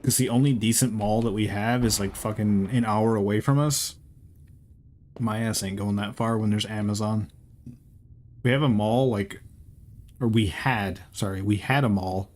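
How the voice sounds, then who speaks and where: A man's voice: fairly low pitch, steady tone, moderate pace, darkish tone. A man streaming a game, chatting casually and profanely with his viewers in a rambling, joking way. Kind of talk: casual chat with live chat while playing.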